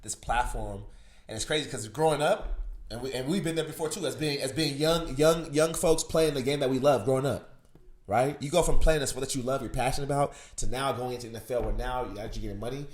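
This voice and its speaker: A young man chatting casually about sports on a podcast, animated and acting out his own past thoughts in quoted voices. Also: medium pitch, fast talker. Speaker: podcast co-host. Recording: roomy echo.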